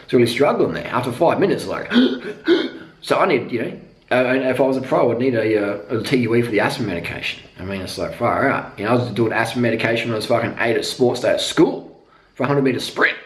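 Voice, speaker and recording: A man's voice: mid-range voice, expressive, quick pace. A man delivering a profane, rambling cycling rant with emphatic repetition. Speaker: cycling vlogger. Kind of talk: unscripted monologue rant. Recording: echoey room.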